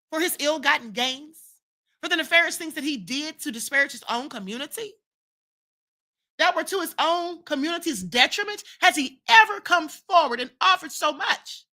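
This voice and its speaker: A woman's voice: sits high, bright, forceful tone. A woman hosting her own livestream, giving fiery commentary full of rhetorical questions and repeated lines for emphasis. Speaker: livestream host. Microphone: streaming setup mic.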